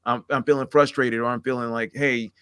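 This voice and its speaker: A man's voice: mid-range voice, fairly even intonation, fairly quick, fairly bright tone, smooth, dry recording, clean studio sound. A middle-aged man talking candidly and at length, rambling and acting out the conversations he recounts. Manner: rambling, earnest, acts out quoted exchanges. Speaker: podcast guest.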